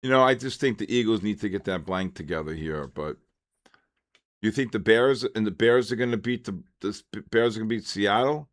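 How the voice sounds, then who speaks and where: An older man in his sixties talks casually through a live trading session. His voice sits fairly low, and he rambles from market calls to small talk, greeting viewers by name as he goes. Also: normal speed. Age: 60s. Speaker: trading livestream host.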